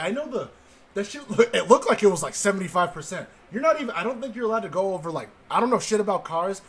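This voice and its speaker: A man's voice: high-pitched, husky. A man in his twenties casually telling a story from his childhood, swearing often and laughing at his own story. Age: 20s. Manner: profane, laughing, animated storyteller.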